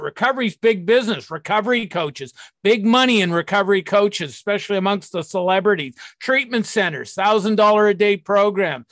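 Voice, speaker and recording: A man's voice: high voice, fairly bright tone, dry recording. A man giving a blunt, profane talk on recovery and sponsorship, acting out the people he quotes.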